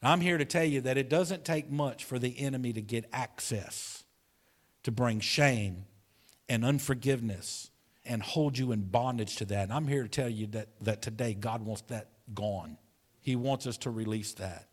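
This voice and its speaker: A male pastor preaches to his congregation, carrying a personal story in an earnest, conversational way. His pitch sits in the middle for a man, and he repeats himself as he builds a point. He sinks to a soft, hushed voice for the tender moments. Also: normal speed. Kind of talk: sermon. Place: church sanctuary.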